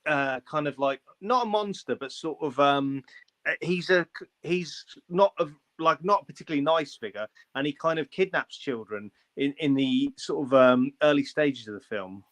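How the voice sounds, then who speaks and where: A man's voice: a little high, normal speed. A man speaking as a guest on a video-call livestream, hesitant, with many fillers. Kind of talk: casual chat on a livestream.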